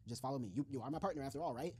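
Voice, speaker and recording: A man's voice: mid-range voice, racing, warm tone, close to an everyday voice. A man reading out the lines of a stern, intense young man who gives blunt advice. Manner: blunt, persuasive bro talk.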